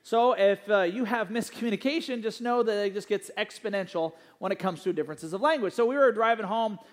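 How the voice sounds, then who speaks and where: A man's voice: high voice, brisk. A middle-aged male pastor preaching a sermon and giving church announcements in a conversational, anecdotal way, with many fillers. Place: church sanctuary. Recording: long hall reverb.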